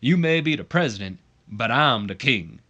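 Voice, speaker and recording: A man's voice: mid-range voice, expressive, moderate pace, pushed and bright, lo-fi sound. A man voicing a swaggering male wrestler with a famous-singer impersonator gimmick, cutting a boastful drawling promo. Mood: cocky.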